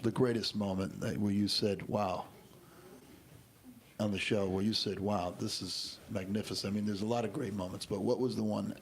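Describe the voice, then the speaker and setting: A man's voice: fairly low pitch, steady tone, moderate pace, a little hiss or hum. A man co-hosting, asking the guests a long, earnest question. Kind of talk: interview question.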